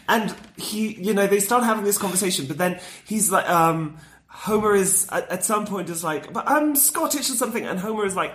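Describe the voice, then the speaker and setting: A podcast co-host in a casual chat, retelling scenes with animated energy and acting out quoted lines with shifts in pitch. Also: moderate pace.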